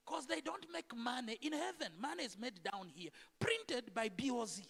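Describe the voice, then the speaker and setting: A man preaching a sermon in a church, animated and full of rhetorical questions to the congregation. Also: very high-pitched, normal speed, vocal fry. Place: church sanctuary. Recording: echoey church hall.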